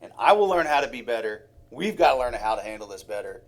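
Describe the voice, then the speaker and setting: A man's voice: mid-range voice, big pitch swings, quick pace. A man preaching a sermon in a heartfelt way, with sighs and acted-out examples.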